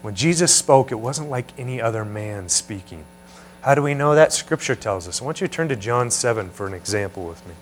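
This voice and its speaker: A man's voice: medium pitch, animated, fairly quick. Male preacher, teaching sermon, conversational, questions to the room, mains hum under the voice.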